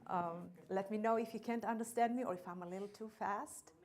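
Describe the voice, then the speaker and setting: A woman with a Romanian accent leads a training session in a church meeting room. She talks in an earnest, explanatory way and leans on key terms. Her voice sits at an ordinary middle pitch. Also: fairly even intonation, fairly quick, darkish tone. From Romanian descent. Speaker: insurance trainer. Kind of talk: training presentation.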